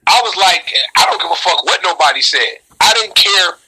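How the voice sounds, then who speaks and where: A middle-aged man, a rapper, telling a story in a casual interview, animated and profane, jumping into high shouts when he reenacts what people said. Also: normal speed, breathy edge, poor audio.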